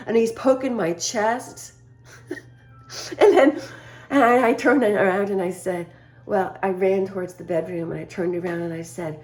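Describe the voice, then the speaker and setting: A woman talks straight to her viewers in a casual, confiding way, telling a story from her own life. She breaks into laughter often and acts out the lines of the people in it. Her pitch sits in the middle range for a woman. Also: normal speed, a little mellow. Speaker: vlogger.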